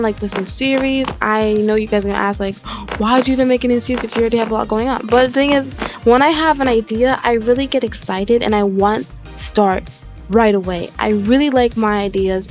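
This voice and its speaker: A young woman talking through a casual game tutorial, chatty and rambling, with a giggly streak. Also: a little high. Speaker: Minecraft tutorial YouTuber. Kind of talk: casual screen-recorded tutorial.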